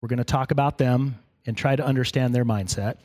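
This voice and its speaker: A man's voice: medium pitch, a little fast, a little mellow. A man preaching in a church in a conversational sermon, with humorous asides to the congregation. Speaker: pastor.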